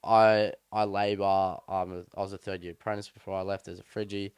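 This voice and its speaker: A man's voice: deep voice, little pitch movement, a little fast, clear, resonant tone, no echo, studio quality. A young man co-hosting a podcast, chatting casually and telling a story in a rambling, slangy way with many restarts. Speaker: podcast co-host. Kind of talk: casual chat.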